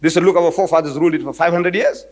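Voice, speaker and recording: A man giving a storytelling lecture, acting out both sides of a debate and quoting scripture in a measured cadence. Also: fairly high pitch, fairly even intonation, darkish tone. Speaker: Islamic lecturer.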